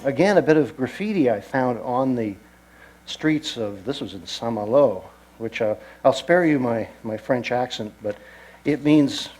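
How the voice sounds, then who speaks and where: Halting male travel lecturer. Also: mid-range voice, lively intonation, darkish tone, poor audio. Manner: halting, with many pauses and restarts. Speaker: destination lecturer. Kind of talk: informal travel lecture to an audience.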